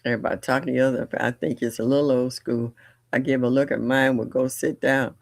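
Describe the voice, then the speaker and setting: An older woman hosting a livestream, chatting casually and bluntly, telling family stories with animated delivery and laughter. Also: rumbling low, quick pace, gravelly, no room sound, studio quality. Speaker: livestream host. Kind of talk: casual storytelling chat.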